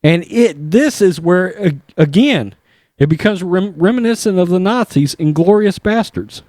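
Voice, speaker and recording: A man hosting a podcast, retelling an episode in a casual, animated way, with asides and chuckles. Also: high voice, normal speed, no room sound, clean studio sound. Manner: animated storytelling with asides and laughs. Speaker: podcast host.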